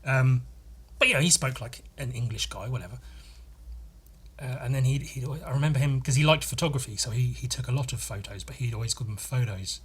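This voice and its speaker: Guy swearing and riffing on his own, husky voice, self-mocking. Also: medium pitch, brisk. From Scotland. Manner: profane, self-mocking, rambling. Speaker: podcast host. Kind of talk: casual comedic monologue.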